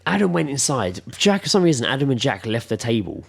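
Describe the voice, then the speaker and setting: Man, podcast co-host, lively pitch, sweary casual storyteller. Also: quick pace, vocal fry, a little hiss or hum. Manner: animated and sweary, acting out voices.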